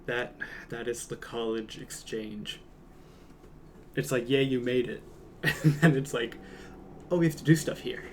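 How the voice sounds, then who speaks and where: Streamer: young man, mid-pitched, joking and rambling, faint hiss under the mic. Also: a little slow, pauses often. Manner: joking, chatty, trails off and mumbles at times. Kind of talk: casual chat reading stream comments.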